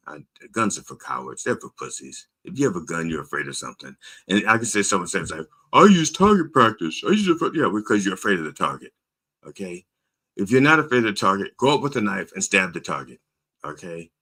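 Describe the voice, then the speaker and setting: A man hosting his own show, telling stories in a lively, wandering way. His fairly low voice has a bright, forceful edge and swoops high and low as he acts out both sides of a phone call. He often repeats himself and starts over mid-sentence. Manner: repeats words and restarts often. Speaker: host. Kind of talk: casual monologue.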